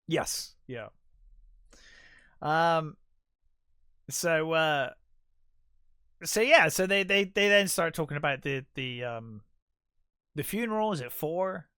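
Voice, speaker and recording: A man's voice: a little high, expressive, slow, long pauses, bright, forceful tone, clear, resonant tone, no echo, clean studio sound. A man co-hosting a podcast, casually retelling film scenes in a chatty way with lots of fillers and laughs. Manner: retells scenes in quoted voices, laughs often, many fillers. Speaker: podcast co-host. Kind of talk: casual film review chat.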